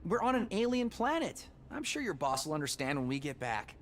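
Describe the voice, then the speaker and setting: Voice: mid-range voice, sing-song, brisk, fairly bright tone, soft background music. An actor voicing a curious, eager boy adventurer in a game. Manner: eager, chatty.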